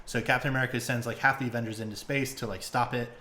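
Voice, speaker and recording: A young man hosting a podcast, retelling stories in casual, excitable chat full of fillers and swearing. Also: medium pitch, racing, slight background noise. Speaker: podcast host.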